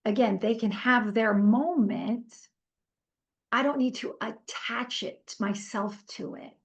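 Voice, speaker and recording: Gravelly woman leading a workshop. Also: a little high, slow, lo-fi sound. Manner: animated storytelling, conversational with fillers; asks the group for comments. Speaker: workshop trainer. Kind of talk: casual workshop teaching.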